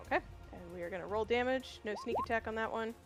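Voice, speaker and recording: A woman's voice: a little high, quick pace, over music. A woman playing a tabletop role-playing game, talking through her character's moves with lots of hesitations. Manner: hesitant, lots of ums and uhs. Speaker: player. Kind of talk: casual tabletop game play.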